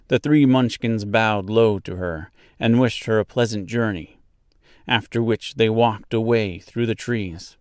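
A man hosting a podcast, reading a children's classic aloud in slow, deliberate storybook narration. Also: fairly low pitch, a little mellow, dry recording, clean studio sound.

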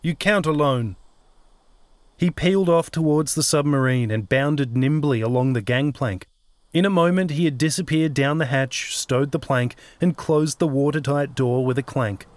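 A man narrating his own novel-length audio story in a steady, scripted reading. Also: mid-range voice, normal speed, no echo. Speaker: narrator and author.

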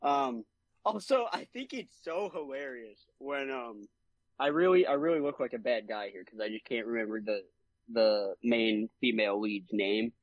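Animated young man on a dry mic. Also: medium pitch, moderate pace, no echo, dull audio. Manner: animated, laughs often, acts out quotes. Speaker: podcast co-host. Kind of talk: casual movie chat.

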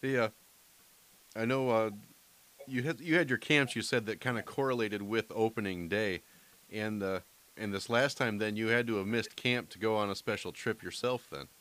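A man's voice: lowish voice, moderate pace, fairly bright tone. A man hosting a podcast, asking questions casually and joking with a laugh. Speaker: podcast host.

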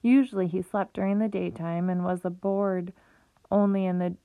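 A woman reading a children's book aloud in a lively way, with small slips and restarts, on a tinny phone-like recording. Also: on the low side, normal speed, no room sound. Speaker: reader.

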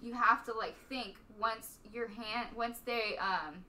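Bright-voiced young woman chatting. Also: fairly high pitch, fairly even intonation, slow, slight background noise. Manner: chatty, filler-heavy, swears casually. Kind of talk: casual chat.

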